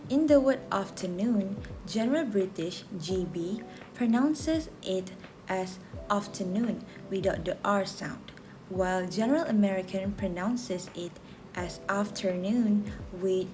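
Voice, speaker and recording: A woman student from Malaysia reading a class presentation aloud in a slow, careful, deliberate way. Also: medium pitch, over music.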